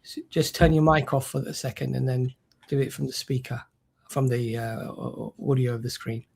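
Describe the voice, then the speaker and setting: A man's voice: medium pitch, level tone, moderate pace, vocal fry, darkish tone, husky. A man speaking on an online panel discussion, arguing his point and mocking the other side. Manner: argumentative, mocking impressions.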